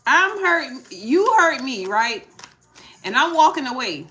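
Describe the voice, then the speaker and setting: A woman giving a casual tarot reading, emphatic and preachy, arguing her points out loud. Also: high voice, very animated, measured pace, soft background music. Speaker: tarot reader.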